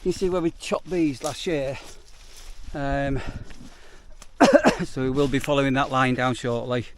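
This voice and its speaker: A British campsite warden chats casually while working outdoors for a vlog, his mid-range voice unhurried over a little hiss or hum. He rambles, says um a lot and sounds out of breath.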